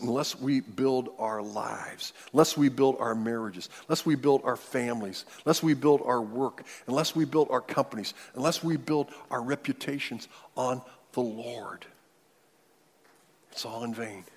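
A man preaching a sermon, moving between loud declarations and hushed near-whispers. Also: medium pitch, long reverb tail. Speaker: pastor.

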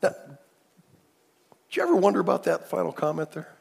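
A man's voice: high-pitched, sing-song, moderate pace, gravelly, darkish tone, breathy edge, big-room sound. An older man preaching a sermon as pastor, emphatic, often repeating words and restarting phrases.

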